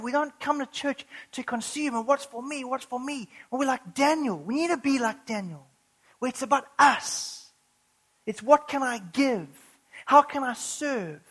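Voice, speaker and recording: A woman's voice: sits high, fairly bright tone, husky, rough recording. Earnest woman preaching a sermon. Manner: earnest, builds to urgent emphatic stretches, slows for scripture.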